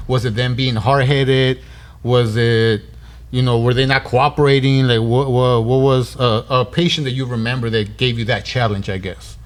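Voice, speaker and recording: A man hosting a podcast in a relaxed, casual way, often saying "man" and "yeah", and getting emotional. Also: medium pitch, moderate pace. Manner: relaxed, warm, many fillers like "man" and "yeah". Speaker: podcast host. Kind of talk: casual conversation.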